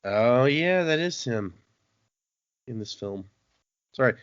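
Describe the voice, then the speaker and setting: A man's voice: medium pitch, slow, no echo. A man hosting a podcast, casually recapping a book and acting out the quotes. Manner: animated storytelling, acts out quotes. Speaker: podcast host. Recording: dull, dry lo-fi podcast audio.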